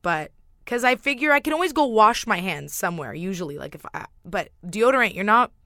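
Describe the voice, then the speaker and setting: A woman's voice: medium pitch, animated, fairly quick, a bit bright, dry recording. A woman news reporter chatting casually with the host in a radio studio.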